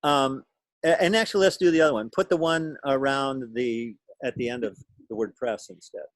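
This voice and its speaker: A man's voice: medium pitch, normal speed, no echo. Man teaching a class, dry sound. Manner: patient, explanatory, thinks aloud. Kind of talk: lecture to a class.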